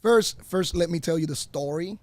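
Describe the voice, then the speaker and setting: Podcast guest: non-native English speaker, lively laughing storyteller, higher pitched man, close dry sound. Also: moderate pace, no room sound. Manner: animated, laughing storyteller with frequent restarts.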